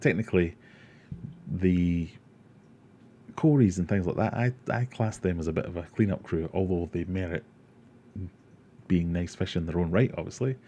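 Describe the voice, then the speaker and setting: A man's voice: deep voice, normal speed, long pauses, dark tone, a little hiss or hum. A man hosting a casual livestream, rambling, joking and reading viewer comments aloud. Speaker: aquarium livestream host.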